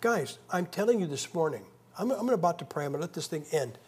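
Husky man preaching emphatically. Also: fairly high pitch, lively intonation, fast talker, darkish tone. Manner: conversational, emphatic, joking asides. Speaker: guest preacher. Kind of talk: sermon.

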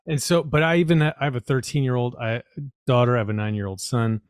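A man's voice: mid-range voice, fairly even intonation, fast talker, clear, resonant tone, no room sound, studio quality. A man in his forties hosting a podcast, affirming his guest with frequent yeses and sharing stories as a parent. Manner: affirming, lots of yes and yeah. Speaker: podcast host. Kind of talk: casual interview conversation.

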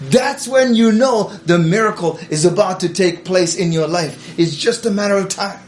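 A man's voice: high-pitched, normal speed. A male preacher delivering an urgent, exhorting sermon to livestream viewers. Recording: echoey room with faint music.

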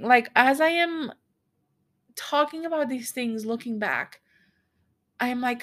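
Woman podcast host, thirties, a bit high-pitched, candid, rambling, frequent laughter. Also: slow pace, pauses often, fairly bright tone. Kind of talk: solo podcast monologue.

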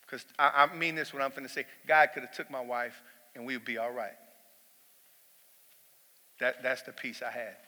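A man's voice: medium pitch, little pitch movement, normal speed, long pauses, pushed and bright, in a large hall. A middle-aged man preaching a sermon in church, telling a personal story in a conversational way and rising to emphatic peaks.

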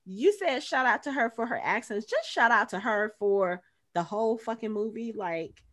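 A middle-aged woman hosting a casual movie review chat, blunt and animated, swearing freely as she recaps scenes. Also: a little high, moderate pace.

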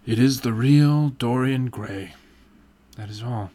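A man doing a languid, ironic gentleman. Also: medium pitch, slow.

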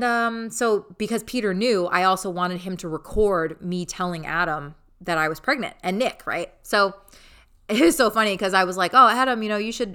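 A woman's voice: lowish voice, sharp tone, smooth. A young adult woman casually telling a personal story in a chatty way, with many fillers and easy laughter.

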